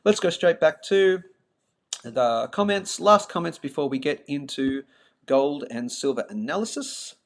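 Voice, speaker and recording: A man's voice: on the high side, expressive, measured pace, gravelly. Chatty Australian man hosting a live stream. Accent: Melbourne Australian, mild. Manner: chatty, self-mocking, talks straight to viewers. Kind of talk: casual live-stream chat.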